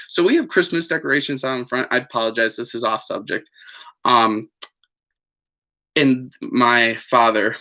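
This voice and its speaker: Male vlogger, casual digressive storyteller, mid pitch, bright tense tone. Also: moderate pace, long pauses. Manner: chatty, digressive, many fillers and apologies. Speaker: vlogger on a live stream.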